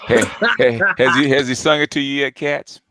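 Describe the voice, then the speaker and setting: A man's voice: mid-range voice, steady tone, moderate pace, sharp tone, no echo. A man in casual chat who teases and laughs often. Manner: laughs often, teasing interjections.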